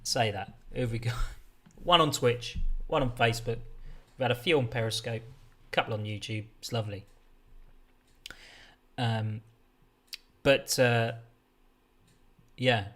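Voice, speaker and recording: A man's voice: medium pitch, unhurried, long pauses, fairly bright tone. Rambling man hosting a livestream. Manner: rambling, chatty, self-interrupting. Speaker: livestream host. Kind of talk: casual livestream chat. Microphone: desk setup with a mixer.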